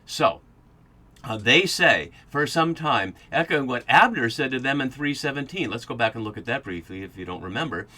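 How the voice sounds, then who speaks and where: A man's voice: mid-range voice, lively intonation, moderate pace, sharp tone. A man hosting a podcast, giving a Bible study lecture that explains passages and thinks aloud as he goes. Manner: thinking aloud with fillers and restarts.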